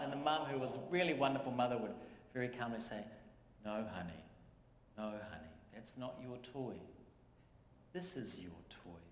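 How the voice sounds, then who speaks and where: A man preaching a sermon as pastor, in a conversational way that repeats phrases for emphasis. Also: mid-range voice. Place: church. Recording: echoey church hall.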